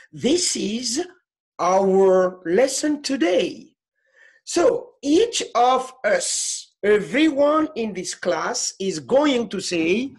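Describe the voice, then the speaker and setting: Slow, animated woman teaching French. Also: a little high. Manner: slow and patient, repeating phrases, mixing French and English; halting, with fillers and restarts. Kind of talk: online class lesson.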